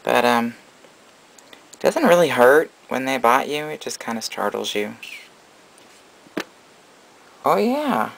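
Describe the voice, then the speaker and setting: A man breeding snakes, chatting casually through a video update and gently cooing at the baby snakes. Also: mid-range voice, lively intonation, normal speed, gravelly, rough recording.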